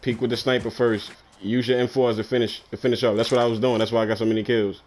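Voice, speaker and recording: A man's voice: medium pitch, flat delivery, quick pace, darkish tone. Gamer, male, bossy repeated callouts, faint hiss. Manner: bossy, repeats short commands. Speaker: gamer coaching a teammate. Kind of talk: casual gaming chat.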